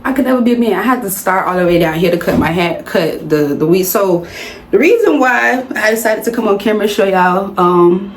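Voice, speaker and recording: A woman's voice: mid-range voice, expressive, fairly quick. A young woman with a Southern American accent, chatting casually to her viewers in a vlog and calling them y'all. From Southern United States. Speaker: vlogger. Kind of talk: casual chit-chat vlog. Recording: roomy home recording with faint background noise.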